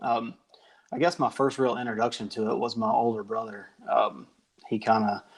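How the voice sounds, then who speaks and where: A man's voice: mid-range voice, little pitch movement, moderate pace, husky. A man answering interview questions in an easygoing, rambling way with plenty of fillers. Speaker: guest, company founder.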